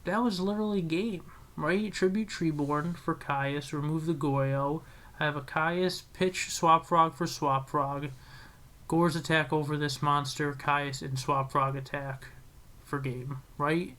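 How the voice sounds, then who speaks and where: Excitable young man narrating his game. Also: a little high, slow pace. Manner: excitable, self-critical, chatty with frequent restarts. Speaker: channel host commentating his own card game. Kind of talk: casual play-by-play commentary.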